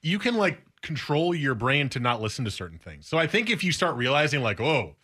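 A man's voice: mid-range voice, sing-song, brisk, bright, forceful tone. A man co-hosting a sports radio show, bantering playfully and teasing his producer. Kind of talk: casual sports talk.

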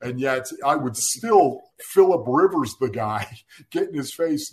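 A man's voice: fairly high pitch, lively intonation, measured pace, a little hiss or hum. Man laughing through a football story. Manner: laughs through his story, playful mock insults. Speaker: podcast co-host, former football player. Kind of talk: casual storytelling chat.

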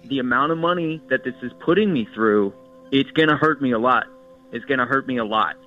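A man's voice: mid-range voice, a little fast, highs cut off, soft background music. A man calling in to a radio show, firm and aggrieved, explaining himself in detail. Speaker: caller on the phone. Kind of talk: phone-in radio talk.

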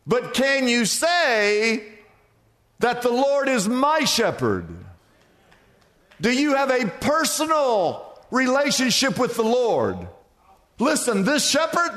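A man preaching with a very high, lively voice that climbs and dips, drawing out his words slowly. His sermon rings through a large church with a long reverb tail. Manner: emphatic preaching, stretching key words. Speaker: pastor.

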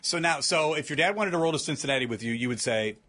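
A man's voice: a little high, lively intonation, fast talker, pushed and bright. A man co-hosting a radio show, teasing and needling in casual banter. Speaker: radio co-host.

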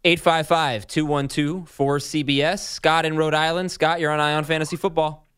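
A man hosting a sports radio show, taking calls and moving the conversation along briskly. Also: a little high, level tone, fairly bright tone, clear, resonant tone, dry recording, clean studio sound.

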